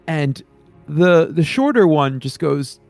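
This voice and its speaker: A man's voice: fairly high pitch, expressive, slow, gravelly, a little mellow, dry recording, soft background music. A man narrating a tabletop game as game master in a loose, casual way.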